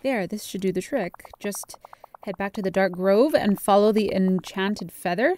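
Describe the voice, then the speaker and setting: A woman's voice: medium pitch, moderate pace, a little mellow, pitched below the performer's own voice, close to an everyday voice. A woman reading the lines of a wise old male wizard in a mock-grand, theatrical way, as game dialogue.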